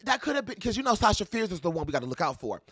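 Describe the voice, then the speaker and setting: Sassy, high, lively-voiced man. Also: dry recording, studio quality. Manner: sassy, dramatic, playful with quick laughs and mock quotes. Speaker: pop culture commentator. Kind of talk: animated casual commentary to camera.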